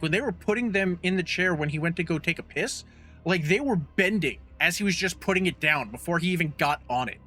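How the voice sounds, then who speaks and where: High, bright-voiced man ranting. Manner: rambling, profane, incredulous ranting. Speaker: podcast co-host. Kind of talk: casual podcast chat.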